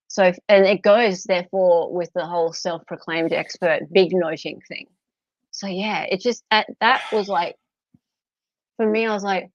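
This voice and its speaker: A woman's voice: lowish voice, steady tone, a little slow, dry recording. An Australian woman hosting a live stream, chatting casually and animatedly, laughing often. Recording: dull, dry, slightly lo-fi.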